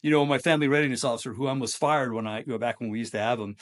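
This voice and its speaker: Energetic middle-aged man telling stories. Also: rapid-fire. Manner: energetic, acts out quoted voices with big pitch jumps. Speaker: podcast guest. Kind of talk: casual storytelling.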